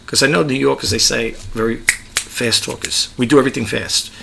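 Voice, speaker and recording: A man's voice: mid-range voice, fairly even intonation, brisk, vocal fry, background noise. A middle-aged man with a New York accent, giving chatty, rambling advice as a YouTube creator and often repeating himself. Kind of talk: casual advice monologue.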